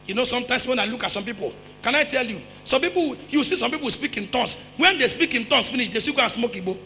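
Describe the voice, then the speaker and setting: A man with a Nigerian accent preaching a sermon as pastor, emphatic, repeating phrases, firing rhetorical questions and at times breaking into shouts. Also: very high-pitched, lively intonation, quick pace, vocal fry. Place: church hall. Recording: reverberant church hall with faint music.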